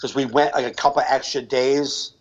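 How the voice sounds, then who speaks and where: A man's voice: mid-range voice, little pitch movement, normal speed, muffled recording. A man co-hosting a comedy podcast, telling loose stories in casual chat and laughing often.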